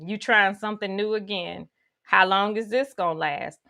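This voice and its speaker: A woman's voice: mid-range voice, normal speed, vocal fry, bright, forceful tone. A woman voicing a sassy, skeptical inner voice that mocks and teases. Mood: mocking. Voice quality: sarcastic, mocking.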